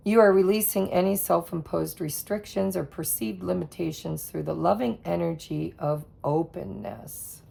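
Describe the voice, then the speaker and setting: A woman gives a casual tarot reading in an unhurried, easygoing way, drawing words out with soft laughs and pauses. Her voice sits a little low and carries a heavy gravelly fry, and she speaks very slowly. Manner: slow, relaxed, with soft laughs and trailing pauses. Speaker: tarot reader.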